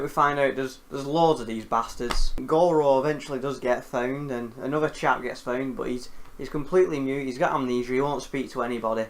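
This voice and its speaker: A man hosting a casual film recap, animated and jokey, with casual swearing. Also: medium pitch. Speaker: film reviewer host.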